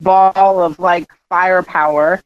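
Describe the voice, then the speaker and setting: A woman co-hosting a radio chat, telling stories in an animated way and acting out the quotes. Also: fairly low pitch, slow pace, no room sound. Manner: animated storyteller, acts out quotes. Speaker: show regular, co-host. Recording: dry, dull line.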